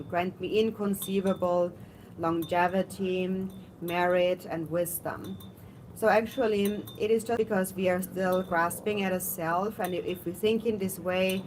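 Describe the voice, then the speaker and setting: Female interpreter, lower pitch, halting delivery with filler pauses, faint noise. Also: rough recording. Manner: halting, with frequent 'um' pauses. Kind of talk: interpreting a religious teaching.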